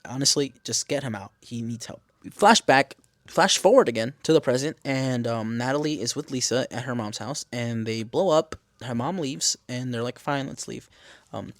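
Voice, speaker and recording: A young man chatting through a casual recap in a middle-pitched voice, recorded dry and close. He swears easily and keeps breaking into exaggerated, high-pitched reactions. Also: fairly bright tone, no room sound. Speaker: podcast host recapping a TV episode.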